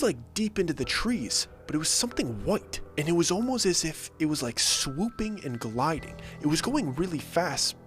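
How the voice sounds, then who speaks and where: A man narrating a first-person scary story in an animated, suspenseful way, acting out the dialogue as he goes. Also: fairly high pitch.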